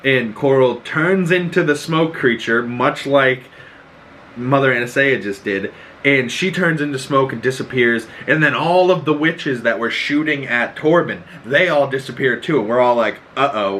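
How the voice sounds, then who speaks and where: A man hosting a podcast, recapping a show in excitable casual chat, swearing freely and acting out the scenes. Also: medium pitch, normal speed, slight background noise, poor audio. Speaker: podcast host.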